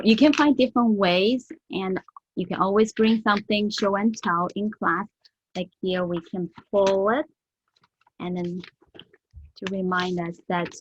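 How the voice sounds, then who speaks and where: Woman teaching a slow patient lesson, mid pitch, dry dull lo-fi recording. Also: no room sound. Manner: slow, patient and encouraging, demonstrating tones. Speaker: Chinese teacher. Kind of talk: recorded review lesson for a church class.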